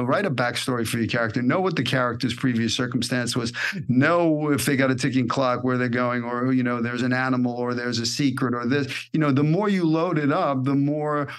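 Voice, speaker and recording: A man's voice: medium pitch, steady tone, a little fast. Earnest man interviewing, acting coach. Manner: earnest, emphatic about craft. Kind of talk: interview questions and commentary.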